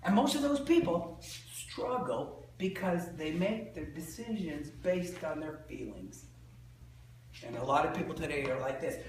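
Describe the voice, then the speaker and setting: A man giving a lively, joking seminar talk to an audience, quizzing them with fill-in-the-blank questions. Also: on the high side, a little slow. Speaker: sales trainer. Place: large indoor room with an audience. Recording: echoey hall from far off, faint noise.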